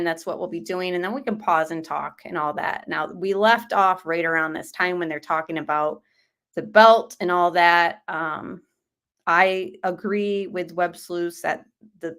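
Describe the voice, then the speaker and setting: A woman's voice: on the low side, fairly bright tone. A woman hosting a true crime livestream, talking casually and rambling with many fillers and hedges.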